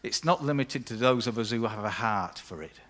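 A man's voice: medium pitch, lively intonation, normal speed, a bit bright. A man preaching a sermon as pastor, conversational and with playful asides.

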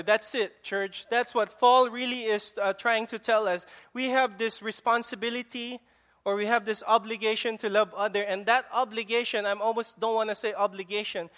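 A man's voice: sits high, steady tone, moderate pace, fairly bright tone. A male pastor preaching a sermon in a conversational way, asking the congregation rhetorical questions.

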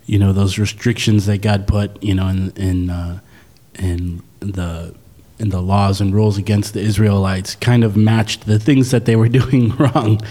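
A man co-hosting a casual podcast chat, talking in a relaxed way with many pauses and fillers. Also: fairly low pitch, big-room sound. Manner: relaxed, hesitant with frequent fillers. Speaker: podcast co-host.

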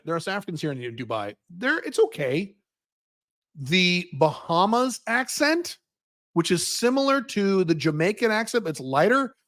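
A man runs a livestream Q&A, answering viewer questions one by one. He speaks in a fairly high voice. He is blunt and opinionated and swears freely. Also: a bit bright. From United States.

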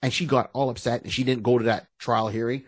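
A man co-hosting a podcast in casual chat, retelling stories in an animated way and acting out the scenes. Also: medium pitch, fast talker, slightly rough, dry recording. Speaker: podcast co-host.

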